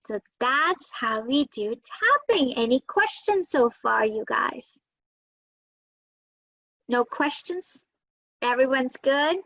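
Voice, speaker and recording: A woman's voice: high-pitched, pushed and bright. A woman leading children through tapping and breathing exercises on a video call, encouraging them and repeating affirmations for them to echo. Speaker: children's workshop leader. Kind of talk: guided tapping and breathing lesson for kids.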